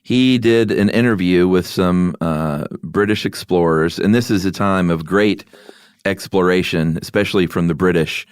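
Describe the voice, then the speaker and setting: A man's voice: low voice, normal speed, clear, resonant tone, no room sound, studio quality. A man co-hosting a podcast in casual chat, joking and self-deprecating as he tells a story. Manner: joking, self-deprecating, slips into silly voices. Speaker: podcast co-host.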